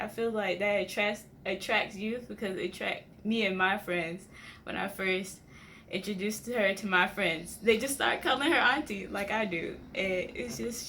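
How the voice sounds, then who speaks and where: A woman guest describing her mentor fondly in a casual, relaxed way. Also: medium pitch, a little hiss or hum. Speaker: interview guest. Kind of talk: casual interview answer.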